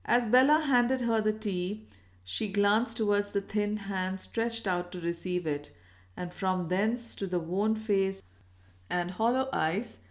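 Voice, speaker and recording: A woman reading a classic Victorian story aloud as an audiobook narrator, in a measured and even manner. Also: medium pitch. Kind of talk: scripted narration.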